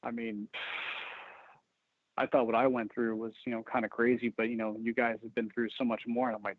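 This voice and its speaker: Man, guest, husky, dry close sound, profane and self-deprecating, phone-like audio. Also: medium pitch, level tone, fairly quick, no room sound. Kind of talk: casual chat. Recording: tinny phone-like line.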